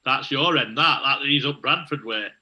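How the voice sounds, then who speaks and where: A man's voice: medium pitch, moderate pace, sharp tone. A man with a South Yorkshire accent, teasing his co-host with playful dialect banter. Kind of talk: casual chat.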